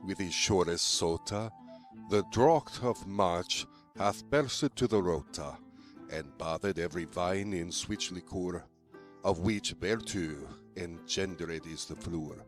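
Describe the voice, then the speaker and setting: A man reading medieval poetry aloud in a slow, deliberate manner. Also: sits low, soft background music. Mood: grave. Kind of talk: recited Middle English verse.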